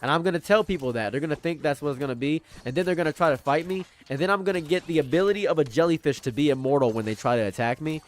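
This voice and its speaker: A man's voice: on the high side, rapid-fire, few pauses. A man talking casually as a vlogger, rambling playfully and repeating his jokes with mock villainy. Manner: playful, repetitive, jokingly villainous.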